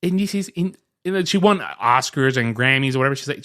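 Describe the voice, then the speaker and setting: A man's voice: mid-range voice, expressive, fast talker, a bit bright, no echo, studio quality. A man co-hosting a podcast in casual chat, joking and laughing often. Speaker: podcast co-host.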